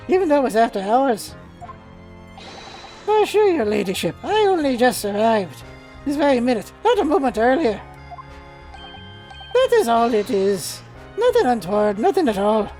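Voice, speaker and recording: Woman doing a fawning middle-aged English inspector; flustered, over-polite, lively sing-song delivery. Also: on the high side.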